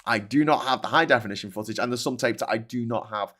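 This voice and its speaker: A man's voice: mid-range voice, fast, a bit bright. A man hosting a casual chat, ranting and swearing freely as he answers viewers. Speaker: host.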